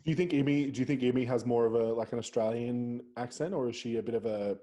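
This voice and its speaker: A man's voice: medium pitch, fairly even intonation, quick pace, dark tone, highs cut off. A man hosting a podcast, asking curious questions that restart and ramble. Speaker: podcast host. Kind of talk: casual interview.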